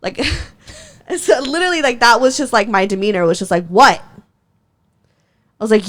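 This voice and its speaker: A woman's voice: mid-range voice, lively intonation, moderate pace, pauses often. A young woman hosting a podcast, telling a story in casual chat, heated and profane, laughing often. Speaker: podcast host.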